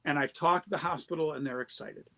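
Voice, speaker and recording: A man, a charity founder appearing as a guest, telling an anecdote in a casual, animated way with quick restarts. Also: on the high side, poor audio. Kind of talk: casual storytelling.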